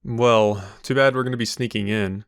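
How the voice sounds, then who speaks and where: A man's voice: medium pitch, steady tone, normal speed, smooth, no room sound, clean studio sound, lightly acted. A man reading as a matter-of-fact heroine. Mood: plain. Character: determined female guild leader.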